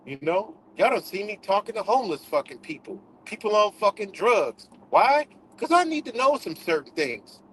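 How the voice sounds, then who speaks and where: High-voiced man ranting on a livestream. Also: fairly bright tone, slight background noise, low-quality recording. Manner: profane, emphatic, repeats himself. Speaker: livestream host. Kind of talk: casual livestream rant.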